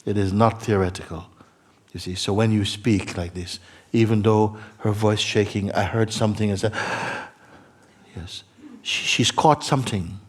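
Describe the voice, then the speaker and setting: A man, a spiritual teacher, speaking earnestly to a seeker, moving between soft murmurs and emphatic, laughing passages. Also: on the low side, fairly even intonation, moderate pace. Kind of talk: satsang talk to a seeker. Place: meeting hall.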